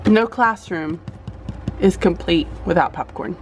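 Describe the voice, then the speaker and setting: Tired, earnest woman teacher, casual vlog talk, slightly high voice, faint room hiss. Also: normal speed. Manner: chatty and earnest, says y'all, laughs often. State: tired, yawning. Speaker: teacher vlogger. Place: classroom.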